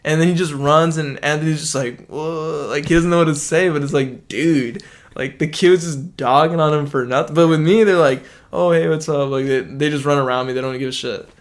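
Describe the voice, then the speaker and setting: A man's voice: a little high, fairly even intonation, fast talker, few pauses. Young guy podcast host, rambly profane stories, does little voices for people. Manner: profane storyteller, acts out quotes. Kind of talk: casual chat.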